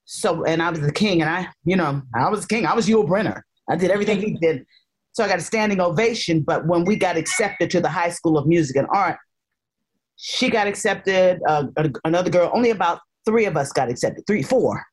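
An older woman speaks as a guest over a remote line. Her voice sits a little low, and she tells stories in a lively, playful, expressive way. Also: brisk, breathy edge. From North Carolina, raised in Harlem. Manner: animated storyteller, playful and expressive. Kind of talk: casual chat.

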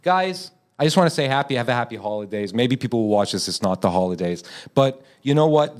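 A man's voice: quick pace, hardly any pauses. A man hosting a parody business podcast, joking with mock confidence. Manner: mock-confident, joking, lively swings in pitch. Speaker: podcast host.

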